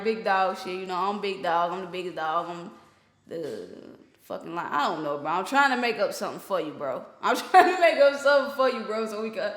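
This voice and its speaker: A man's voice: high-pitched, fairly bright tone. A man hosting a reaction video, talking casually with a lot of slang and swearing, and speaking bluntly to his viewers. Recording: roomy echo.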